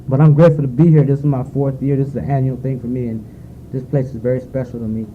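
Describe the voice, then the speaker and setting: A man's voice: mid-range voice, little pitch movement, fast. A man sharing his recovery story at a meeting, rambling and heartfelt, with many fillers. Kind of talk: personal testimony at a recovery meeting. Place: meeting room at a retreat. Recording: phone-like lo-fi tape with faint noise.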